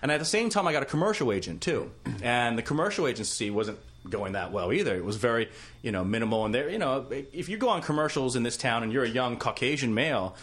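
A man's voice: mid-range voice, fast. A man telling stories about his acting career in a casual interview, acting out the people involved. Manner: animated storyteller, acts out voices. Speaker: actor, guest.

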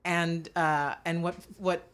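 A woman of Cuban background, an actress, telling animated stories in a casual interview, laughing often and restarting her sentences. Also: on the low side, slow. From Cuban family. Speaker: actress guest.

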